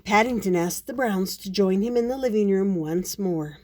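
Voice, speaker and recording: Grandma reading a picture book. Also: female voice, medium pitch, normal speed, hardly any pauses, dark tone. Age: older. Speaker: storyteller.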